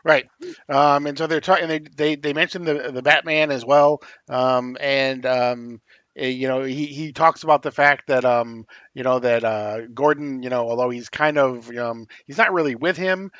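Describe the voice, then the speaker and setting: A man's voice: medium pitch, steady tone, fairly bright tone, no room sound. Hesitant man on a dull, dry mic. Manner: halting, many fillers and restarts. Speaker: podcast co-host. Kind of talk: casual comics discussion.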